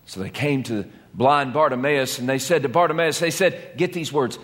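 A man's voice: mid-range voice, moderate pace, few pauses, a bit bright. A man preaching a sermon as pastor, in an impassioned, dramatic way. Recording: long reverb of a large hall.

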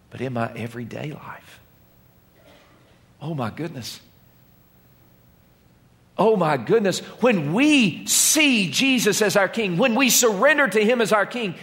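A man's voice: sits high, a bit bright. A man preaching a sermon as pastor, in an impassioned, dramatic way. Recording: long reverb of a large hall.

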